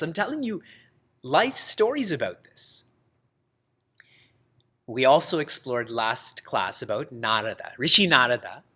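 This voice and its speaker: A man teaching a scripture class, telling stories in a lively way, laughing often and using Sanskrit terms. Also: high-pitched. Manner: lively storytelling with frequent laughs. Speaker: spiritual teacher.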